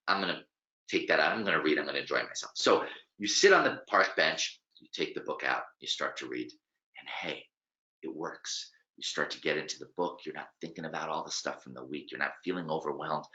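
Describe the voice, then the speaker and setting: A man's voice: sits low, bright, forceful tone. A man with an American accent giving a webinar lesson, speaking directly and animatedly to the listener. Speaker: presenter. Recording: roomy, slightly dull webinar audio.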